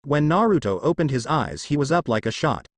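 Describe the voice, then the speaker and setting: Man, story narrator, lively pitch, dry close sound. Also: a little fast, no room sound. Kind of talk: fan fiction narration.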